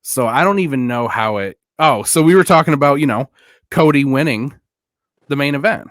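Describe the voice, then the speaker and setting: A man in casual podcast chat, spinning a story with lively energy and laughing at himself. His voice sits in an ordinary middle pitch. It is recorded dry and close, with no room sound. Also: normal speed, no echo. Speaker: podcast co-host.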